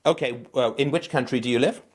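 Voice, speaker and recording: A man hosting a call-in show, talking in an animated, conversational way. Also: mid-range voice, a little fast, slightly rough. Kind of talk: call-in talk.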